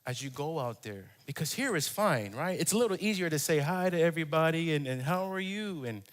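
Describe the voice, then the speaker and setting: A man preaching in church, with a voice that sits a little high for a man. He tells a personal story with animation, acting out his own cries and prayers as he goes. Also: expressive, fairly quick. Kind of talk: sermon.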